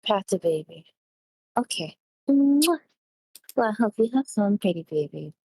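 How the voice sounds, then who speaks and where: A woman's voice: mid-range voice, expressive, a little slow, warm tone, dry recording, rough recording. A young adult woman who has just woken up, chatting affectionately and sleepily with friends on a stream. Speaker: guest friend on call. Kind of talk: casual chat.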